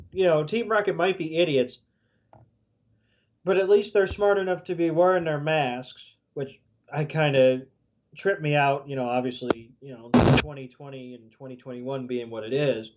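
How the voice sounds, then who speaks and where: A man with a fairly high voice recaps an episode on a podcast, rambling and loose, his sentences full of ums and you-knows. The sound is dull and lo-fi. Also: fairly even intonation, normal speed, slight background noise. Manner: rambling, many fillers like um and you know. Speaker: podcast co-host. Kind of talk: casual recap chat.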